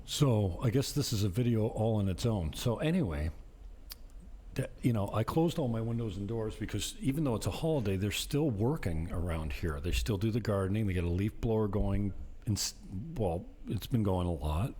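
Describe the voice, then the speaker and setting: Male vlogger, very low and mellow voice, rambling and casual, chatty property-manager storyteller. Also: expressive, moderate pace, slight background noise. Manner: rambling, conversational, laughs while telling stories.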